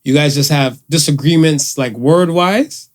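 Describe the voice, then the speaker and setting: Animated, profane male podcast host. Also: on the high side, unhurried. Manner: animated storyteller, profane, acts out quotes. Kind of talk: casual chat.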